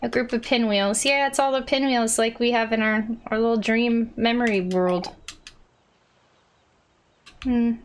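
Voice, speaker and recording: A woman giving casual let's-play commentary, chatty and excitable, reading game text aloud. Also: on the high side, a little slow, long pauses, a little hiss or hum.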